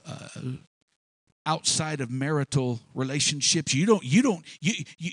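A man's voice: a little high, lively intonation, measured pace, breathy edge, no echo, poor audio. A man preaching a sermon, repeating words often and acting out both sides of imagined conversations. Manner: repeats words, acts out dialogue in quoted voices.

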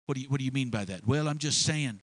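A male preacher giving a sermon, retelling a story in an animated way with many restarts and repeated words. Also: mid-range voice, fast talker, no room sound.

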